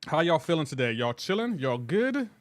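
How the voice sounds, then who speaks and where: A talkative man hosts a live game stream, cheerfully calling out his chatters and rambling between plays. His voice sits a little on the high side for a man. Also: sing-song, moderate pace. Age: adult with a child. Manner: upbeat, greets chatters by name, chatty asides. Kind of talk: casual live-stream chat.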